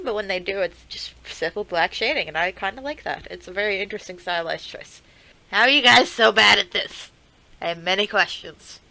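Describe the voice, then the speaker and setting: Young woman streamer, bright voice, swears freely and shouts at the screen, reaction-stream energy. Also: mid-range voice, gravelly, poor audio. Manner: excitable, swearing, laughing, talking to the screen. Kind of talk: casual reaction commentary.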